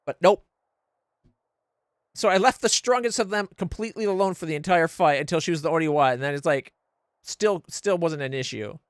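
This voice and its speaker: A man's voice: on the high side, a little fast, smooth, no echo, studio quality. A man streaming a game blind, ranting in exasperated, profane casual commentary into a desk mic.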